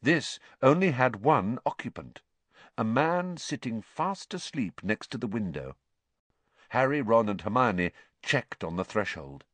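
A man reading an audiobook aloud, narrating in an expressive storytelling manner. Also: mid-range voice, unhurried, dry recording.

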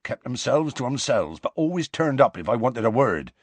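A man voicing a gruff, rough-spoken giant gamekeeper who talks in clipped, grumbling country phrases. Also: medium pitch, big pitch swings, normal speed, no echo.

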